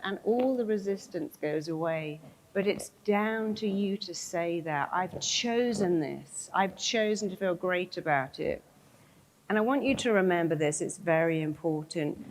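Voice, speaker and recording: A woman's voice: on the low side, expressive, unhurried, a little hiss or hum, rough recording. A woman therapist giving a motivational talk to a live audience, speaking emphatically, repeating phrases for effect and acting out inner voices in quoted asides.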